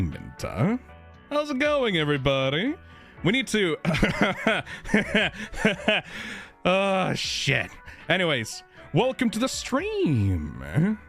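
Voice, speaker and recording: A man's voice: fairly high pitch, a bit bright. A man streaming live, chatting casually, greeting viewers and swearing a lot.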